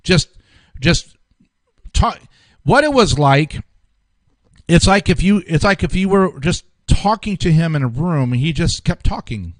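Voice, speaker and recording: A man talks through a political news article in a loose, off-the-cuff way, restarting sentences and repeating himself as he goes. His voice sits somewhat high for a man. The sound is close and dry, with no room reverb. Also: expressive, a little slow, long pauses. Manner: rambling, restarts often, repeats words. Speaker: political commentary host. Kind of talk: casual news commentary.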